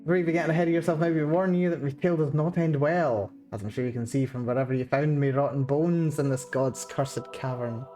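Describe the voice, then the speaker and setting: A gruff old pirate captain, put on by a woman, boasting in a thick Scottish accent and rough sailor dialect as he reads out his last journal. The voice sits a little low and rolls along at an easy pace. Faint music plays underneath. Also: quick pace, few pauses, dark tone, lightly acted. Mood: gruff boastful. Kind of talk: reading a game journal aloud in character.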